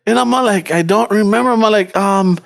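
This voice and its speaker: A man with a Chicano English accent and a high voice spins a casual story for his podcast co-hosts. He acts out each side of the dialogue and swears freely, with Spanish slang mixed in. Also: fairly quick, vocal fry, fairly bright tone. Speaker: podcast co-host. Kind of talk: casual chat.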